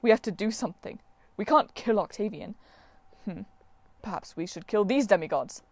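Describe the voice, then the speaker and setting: A woman's voice: mid-range voice, moderate pace, a little mellow, dry recording, lightly acted. A woman reading aloud and voicing a vain, melodramatic male sun god who wails and sulks theatrically. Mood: dramatic. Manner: wailing, theatrical, self-pitying. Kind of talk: audiobook character voice.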